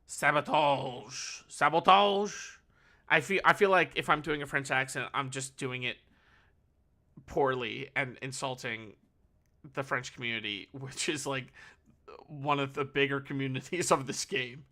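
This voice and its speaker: A man's voice: mid-range voice, fairly even intonation, moderate pace, bright, forceful tone. A man calling a card game tournament solo, analytical and thinking aloud, correcting himself as he goes. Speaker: tournament caster.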